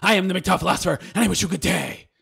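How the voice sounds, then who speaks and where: A channel host reacting to viewer comments in a sarcastic, mocking manner, laughing often. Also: male voice, high voice, rapid-fire, gravelly, a bit bright, slightly rough.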